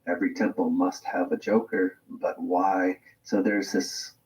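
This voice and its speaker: A man narrating a video clip in a measured, explanatory way, with occasional fillers. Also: low voice, flat delivery, a little mellow, poor audio.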